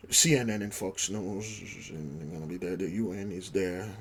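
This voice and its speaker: A man's voice: low voice, moderate pace, pitched below the performer's own voice. A man voicing a nervous, groveling male envoy who pleads and stammers. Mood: pleading.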